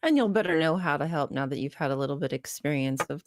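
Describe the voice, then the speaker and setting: A woman co-hosts a casual morning chat, cutting in with short, teasing asides. Her voice rises and falls a lot, and clear background noise runs under her. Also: deep voice, expressive. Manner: teasing, quick interjections. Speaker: co-host. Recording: noisy background.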